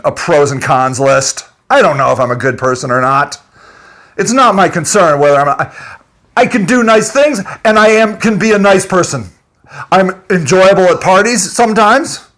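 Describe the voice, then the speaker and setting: A man's voice: sits high, fairly bright tone. A man delivering an angry, profane, unscripted rant to his audience, breaking into laughter between points. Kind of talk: unscripted ranting monologue.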